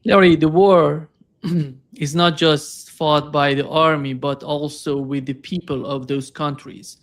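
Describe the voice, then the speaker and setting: A man hosting an interview, asking questions in a halting way, restarting mid-sentence. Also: on the high side, fairly even intonation. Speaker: host.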